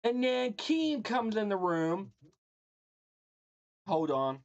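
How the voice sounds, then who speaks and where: A woman's voice: medium pitch, very animated, takes it slowly, a little mellow, highs cut off. A woman livestreaming, casually roasting people with playful mock insults and laughing at her own jokes while talking to chat. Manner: talks to chat and a friend off-mic.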